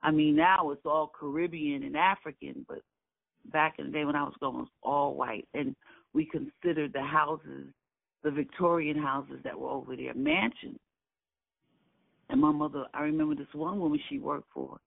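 Heard over a dry, tinny, phone-like line with no room sound, an older Brooklyn man gives a personal recollection for an oral history interview. His fairly high, creaky voice holds a steady tone at a moderate pace, and he stresses points earnestly, repeating key phrases.

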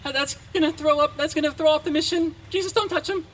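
A man's voice: very high voice, fairly even intonation, fast, fairly bright tone, recorded from a distance, a little hiss or hum, pitched above the performer's own voice. A man voicing an anxious male disciple who urgently pleads with his teacher in a raised, flustered voice, within a sermon. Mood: alarmed.

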